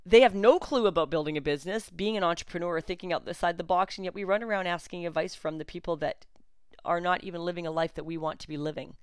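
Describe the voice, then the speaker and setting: A woman's voice: fairly low pitch, fast talker, clean tone, dry recording. A woman, a coach and podcast host, talking in a blunt, outspoken way in a solo podcast monologue. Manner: sarcastic at times.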